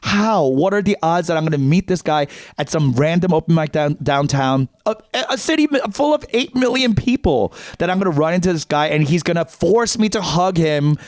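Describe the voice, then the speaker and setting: Male comedy podcast host, casual raconteur, lively pitch, cusses freely, dry close mic. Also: brisk, few pauses, no room sound. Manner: animated, swears freely, breaks into laughter. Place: podcast recording setup.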